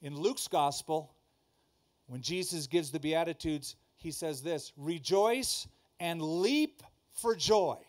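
A pastor preaching to a congregation, emphatic, repeating key lines and asking the audience questions. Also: male voice, on the high side, slow pace. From Southern California. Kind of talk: sermon. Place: church before a congregation.

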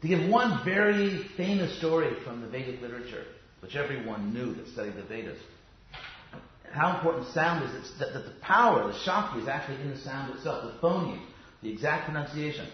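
A man's voice: mid-range voice, expressive, a little fast. A man teaching a casual class on yoga philosophy, chatty and digressive with many fillers and restarts. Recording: roomy, dull sound.

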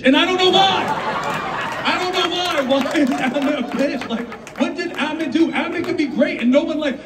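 A man doing a stand-up comedy set, animated and slipping into character voices. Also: very high voice. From United States. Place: live comedy venue with audience. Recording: roomy live sound from a distant mic, audience noise.

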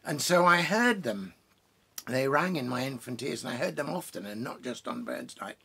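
A man with a gravelly, slightly husky voice talks casually from a home study full of bookshelves. He rambles as a poet introducing readings, breaking off, restarting and adding asides. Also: mid-range voice, pushed and bright. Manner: pausing for pipe and drinks while talking. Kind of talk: casual chat introducing poems.

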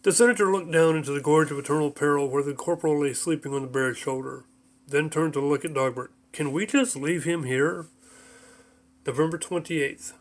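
A man's voice: fairly high pitch, fairly even intonation, fast talker. Man reading his own audiobook. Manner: plain narration with mild, small voice shifts for quoted characters. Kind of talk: audiobook narration.

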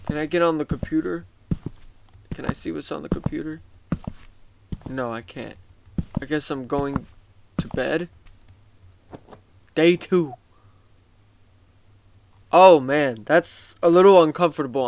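A tired man giving casual, rambling gameplay commentary, excitable and swearing often. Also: on the high side, a little slow, gravelly, long pauses, noisy background. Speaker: gaming YouTuber.

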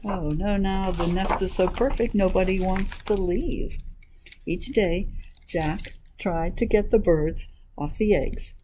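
Slow-reading librarian woman. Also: mid-range voice, noisy background. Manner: animated, asks the listeners questions. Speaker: children's librarian. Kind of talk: reading a picture book to children.

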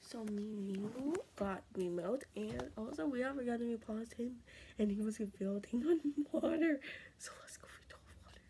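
A woman vlogging in casual, excitable chatter, pleading and dropping into whispers. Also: fairly high pitch, moderate pace, a little hiss or hum, poor audio.

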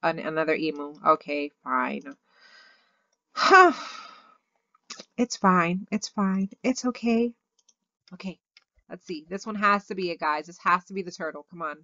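Bubbly excitable woman gaming host. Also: fairly low pitch, measured pace, pauses often, no room sound, muffled recording. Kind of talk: excited game commentary.

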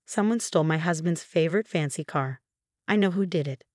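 Young woman, first-person story narration, lowish voice, dry, steady. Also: brisk, no echo. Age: 20s.

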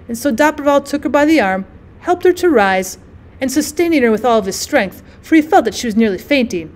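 A woman teacher narrating a classic short story aloud in a clear, measured way. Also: on the high side. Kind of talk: audiobook reading of a classic story.

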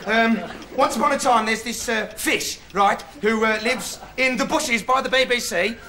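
An actor playing a rambling, excitable young male investigative reporter in a TV comedy monologue, digressing and bursting into shouts. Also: extremely high pitch, moderate pace, crowd noise. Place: TV studio with live audience. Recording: old TV broadcast, loud studio laughter and noise.

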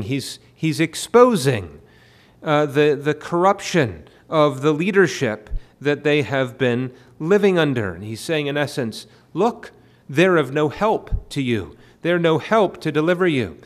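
A man preaching a sermon at a midweek prayer meeting, often pausing with fillers and repeated words. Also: a little high. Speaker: pastor. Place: church.

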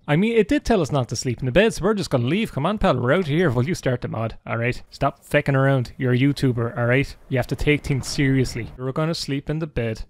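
A man doing playful gameplay commentary as a YouTuber, full of sarcastic, teasing asides. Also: medium pitch. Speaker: gaming YouTuber.

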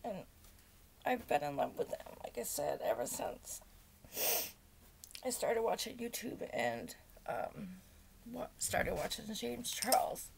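A woman's voice: fairly high pitch, big pitch swings, takes it slowly, long pauses. Awestruck, near-tearful woman beauty vlogger. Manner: awestruck, breathy, half-whispering, near tears. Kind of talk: emotional unboxing vlog. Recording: noisy home recording with packaging crinkles.

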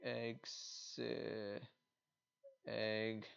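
His voice is lowish and fairly flat, with drawn-out words, vocal fry, and a clear, resonant, slightly bright quality. He's a sleepy card game host vlogging casually late at night, rambling playfully and talking to himself as he browses, in a dull lo-fi recording.

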